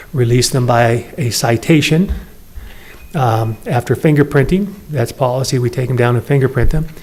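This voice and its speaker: Middle-aged male police chief, mid-pitched, calmly walking a council through the law. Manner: measured, explanatory, uses plain examples. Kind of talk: answering questions at a public meeting.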